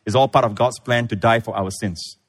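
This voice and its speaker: A man preaching a sermon, retelling scripture with lively storytelling and acted-out voices. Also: fairly quick. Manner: animated storytelling, acts out voices, big pitch swings. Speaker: pastor.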